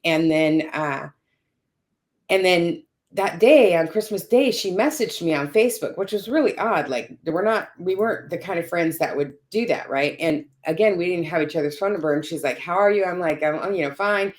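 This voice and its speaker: A woman's voice: on the low side, normal speed. A woman telling a personal caregiving story in conversation, checking in often with "you know" and "right?". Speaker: caregiver sharing her story.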